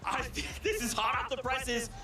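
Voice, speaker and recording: A man's voice: very high-pitched, big pitch swings, measured pace. A man announcing on stage to a live crowd, hyped and talking straight to the audience. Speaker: event announcer. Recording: echoey arena from far off, music.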